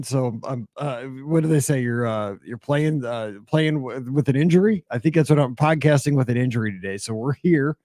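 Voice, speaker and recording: A middle-aged man hosting his podcast alone, talking in a rambling, chatty way with many fillers and restarts, his voice hoarse from a cold and asthma. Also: medium pitch, normal speed, warm tone, dry recording, clean studio sound. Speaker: podcast host. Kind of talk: solo podcast monologue.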